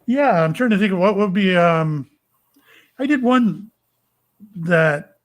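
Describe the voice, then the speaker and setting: Older man from Florida, somewhat higher voice, talks in starts and stops; guest telling personal stories. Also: lively intonation. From Florida, USA. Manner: rambling, halting, with many fillers and restarts. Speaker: psychic medium and retired police officer. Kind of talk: casual storytelling interview.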